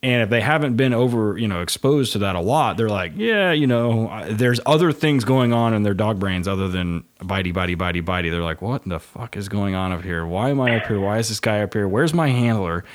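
A man's voice: on the low side, a little fast, few pauses. A man who handles working dogs, talking casually and rambling with many fillers as he acts out what others say. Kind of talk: casual podcast talk.

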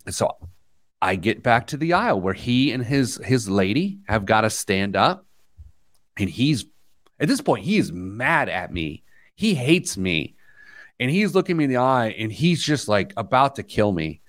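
A man's voice: medium pitch, sing-song, a little slow, no echo, clean studio sound. An American man hosting a podcast, telling a self-mocking story in casual chat. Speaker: podcast host; youth soccer coach.

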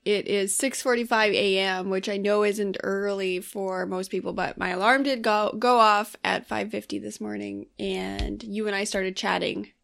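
A woman co-hosting a podcast, her voice gravelly with vocal fry. She sounds groggy and tired from the early hour, and her casual chat stays relaxed and easygoing. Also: medium pitch, normal speed, hardly any pauses. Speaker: podcast co-host.

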